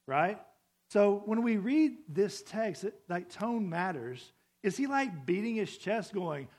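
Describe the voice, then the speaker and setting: Conversational preaching man, slightly high voice. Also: lively intonation, normal speed. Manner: conversational, asks the congregation questions. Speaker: pastor. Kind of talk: sermon. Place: church sanctuary with congregation.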